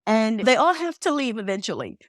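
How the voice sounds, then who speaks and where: A woman with a slightly high voice talks briskly as a medium and podcast guest, telling stories conversationally and animatedly acting out the dialogue they contain. It's a dry recording with clean studio sound.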